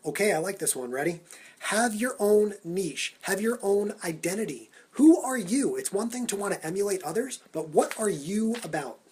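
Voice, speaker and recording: A man vlogging for social media, talking in an energetic, punchy countdown style into a phone held at arm's length. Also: high-pitched, moderate pace, husky. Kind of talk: upbeat Snapchat vlog talk.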